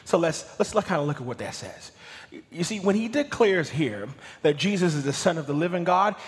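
A male pastor preaching a sermon, dropping to hushed whispers and building to loud emphatic peaks. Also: on the high side, sing-song, normal speed, in a large hall. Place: church sanctuary.

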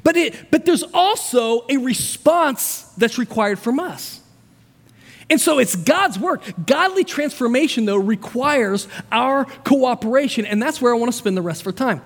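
A man preaching a sermon as pastor, energetic and conversational, with asides and frequent restarts. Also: extremely high pitch, normal speed. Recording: long hall reverb.

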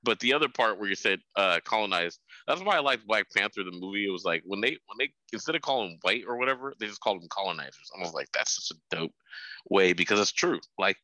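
A low-pitched man with a sharp, forward edge to his voice talks loosely on a podcast. He leans on slang and filler phrases. The recording is dry and close. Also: animated, fast, hardly any pauses, no room sound, poor audio. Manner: laid-back slang talk with frequent filler phrases. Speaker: podcast co-host. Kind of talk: casual podcast chat.

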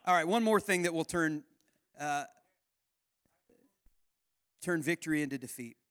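A man's voice: fairly high pitch, unhurried, fairly bright tone, clean tone. A man preaching a sermon at a church camp, telling a personal story in an earnest, conversational way with frequent restarts. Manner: earnest, conversational, many restarts and stammered repeats. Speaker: pastor.

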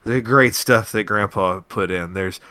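A man's voice: on the low side, a little slow, sharp tone, no room sound. Man doing a slurring, giggly young noblewoman. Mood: tipsy. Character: tipsy young noble woman, giggly and brash.

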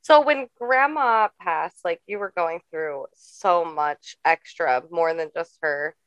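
A young woman talks over a close, dry mic, chiming in with details of a shared family memory. Her manner is chatty and supportive, and she's quick to laugh. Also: lowish voice, a bit bright, no echo, low-quality recording. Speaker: podcast co-host. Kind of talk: casual chat.

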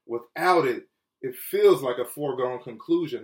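Man, pastor, sermon, earnest, soft low drops, slightly distant mic. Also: moderate pace, reverberant. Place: Chicago.

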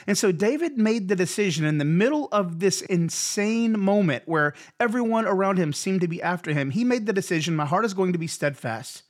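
A man hosting a devotional podcast, preaching in an earnest, encouraging way and repeating phrases for emphasis. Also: high voice. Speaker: pastor and podcast host. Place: Houston area.

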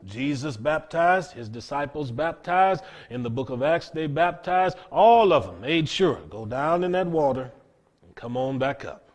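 A man preaching a sermon in an earnest, emphatic way, with dramatic pauses and repeated words. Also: on the high side, lively intonation.

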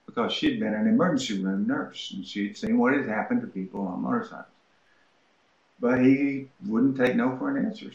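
A man who teaches writing, answering an interview question with lively anecdotes told from his home office. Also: on the low side. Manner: animated anecdotes, acting out quoted voices. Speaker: writing instructor, interview guest. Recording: roomy, dull lo-fi sound.

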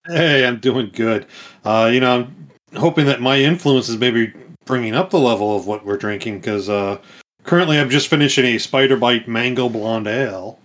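A man's voice: medium pitch, normal speed, a bit bright. A man from Long Island, a guest on a gaming podcast, talking casually with easy laughs. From Long Island, USA.

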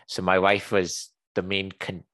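A man in his forties, originally from Saudi Arabia, speaks in a very low voice as an interview guest. He tells personal stories casually, laughing often and pausing on fillers. His voice sounds dry and close, with no room echo. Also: monotone, fairly bright tone. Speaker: guest, company CEO.

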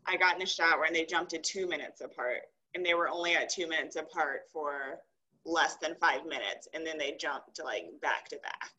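A woman's voice: sits low, a little fast, pushed and bright, breathy edge, low-quality recording. A woman, a talk-show guest, recounting events in a plain, matter-of-fact way. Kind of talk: casual chat.

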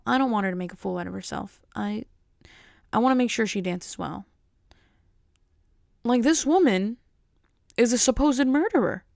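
A woman's voice: medium pitch, dry recording, studio quality. A woman chatting casually to her viewers, rambling and joking at her own expense. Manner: rambling, jokey, self-mocking. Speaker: vlogger. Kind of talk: casual chat to camera.

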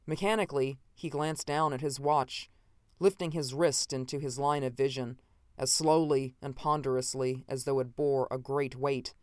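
Audiobook narration, first person, measured and dramatic, smooth clear voice, dry close sound. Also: medium pitch, fairly even intonation, no echo.

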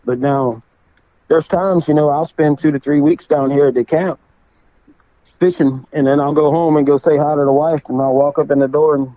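A man's voice: a little high, fairly even intonation, normal speed, no echo, phone-quality sound. A man with a South Louisiana accent, a fishing guide who tells easygoing, joking stories in a casual chat. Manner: easygoing, jokey storyteller.

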